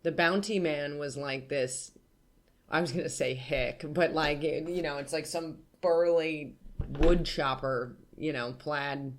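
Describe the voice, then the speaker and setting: A woman co-hosting a podcast, chatting casually, teasing and quick to laugh. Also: sits low. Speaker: podcast co-host. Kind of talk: casual comedic chat.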